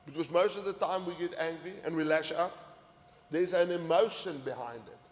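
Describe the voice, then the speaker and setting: A man's voice: on the high side, normal speed. A man giving an earnest sermon-style talk to men, often repeating words as he pushes a point. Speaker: men's ministry teacher. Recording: echoey hall with faint ambience.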